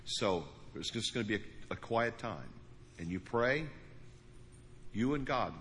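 A man preaching in a big church auditorium, his bright, forceful voice ringing with a long hall echo over a faint murmur of the room. His pitch sits on the low side, and he talks to the congregation in an earnest, conversational way, stumbling and restarting as he goes. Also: animated, measured pace, pauses often, a little hiss or hum. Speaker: pastor. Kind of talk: sermon with prayer and altar call.

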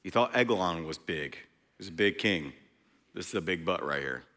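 Male preacher, sermon, emphatic, loud-to-hushed swings, bright tone, echoing hall. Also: low voice, animated, normal speed.

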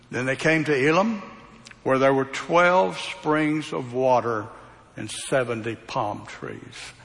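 A man's voice: mid-range voice, slow, gravelly, long pauses, a bit bright. A man preaching a verse-by-verse Bible sermon in a folksy way, putting rhetorical questions to the congregation. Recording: reverberant hall sound.

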